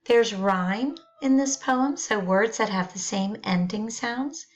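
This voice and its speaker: A woman reading poems aloud and explaining their features in slow, careful phrases with pauses. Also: medium pitch, poor audio.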